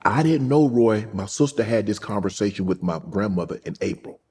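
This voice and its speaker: Husky-voiced man telling a family story. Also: lowish voice, animated, fairly quick. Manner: soft, storytelling, drops quiet when emotional. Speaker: host. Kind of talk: casual interview chat.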